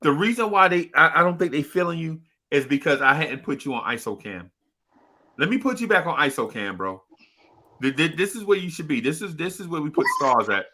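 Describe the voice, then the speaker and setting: A man hosting a podcast, talking in excited, stammering banter. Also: on the high side, a little fast. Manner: excited, stammering hype talk.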